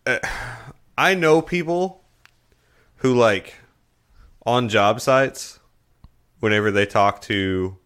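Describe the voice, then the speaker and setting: A man co-hosting a podcast in relaxed casual chat, laid-back and swearing freely. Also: mid-range voice, slow pace, long pauses, smooth. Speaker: podcast co-host.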